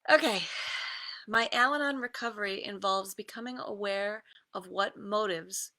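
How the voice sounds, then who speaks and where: A woman coach giving a casual guided meditation talk, easygoing, with many pauses and fillers and some reading aloud. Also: mid-range voice, sharp tone. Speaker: creative success coach.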